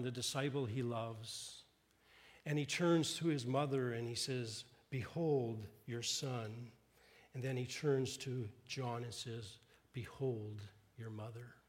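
A man preaching a sermon, retelling a story in earnest, his voice swelling with emphasis and dropping low and hushed for quoted words. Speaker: pastor.

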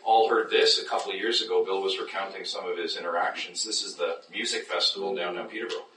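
A man preaching a sermon as pastor, animated, acting out doubters in high mocking voices. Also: fast talker, slight background noise. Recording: echoey room, mic at a distance.

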